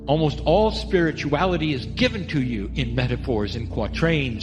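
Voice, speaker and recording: A man delivers a channeled spiritual talk as a guided meditation, coaxing his listeners and asking them questions. His voice sits at an ordinary middle pitch. It rings with a long hall reverb while music plays clearly beneath him. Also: animated, fairly quick, few pauses. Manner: gentle, coaxing, addresses listeners directly with questions.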